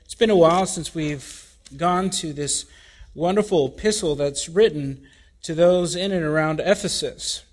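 Man preaching slow and high, leans hard on repeated phrases. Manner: deliberate, emphatic preaching with repetition. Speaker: pastor. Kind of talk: sermon.

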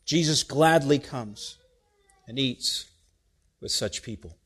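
A man preaching a sermon, reading scripture and asking his congregation rhetorical questions with wide swings in loudness. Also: medium pitch, takes it slowly, husky.

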